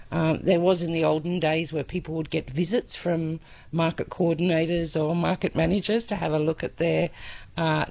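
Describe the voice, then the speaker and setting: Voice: mid-range voice, gravelly, darkish tone. A market organiser speaking earnestly in a radio interview, with many hesitations.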